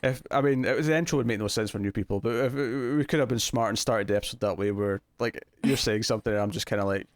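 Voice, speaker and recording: A man's voice: lowish voice, fast talker, few pauses, dry recording, clean studio sound. A young adult man with a Scottish accent, co-hosting a casual TV review chat, joking, teasing and laughing often. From Scotland. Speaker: co-host of a TV review show.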